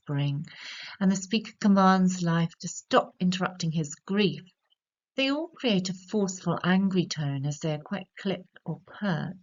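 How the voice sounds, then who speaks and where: British woman tutor, lowish voice, careful analysis, slightly muffled recording. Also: darkish tone. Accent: British English. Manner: measured, explanatory, slows to stress key words. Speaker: literature tutor. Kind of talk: recorded poetry analysis lesson. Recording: slightly dull lo-fi audio.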